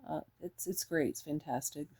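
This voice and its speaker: Woman gushing through a perfume review, low mellow voice, lots of ums. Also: normal speed, breathy edge. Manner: rambling, enthusiastic, lots of fillers. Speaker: fragrance reviewer. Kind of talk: casual review chat.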